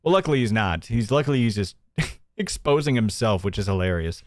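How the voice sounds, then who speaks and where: A man's voice: fairly low pitch, animated, fairly quick, no room sound, studio quality. A man hosting a casual livestream news show, sarcastic and mocking, reading viewer donations aloud.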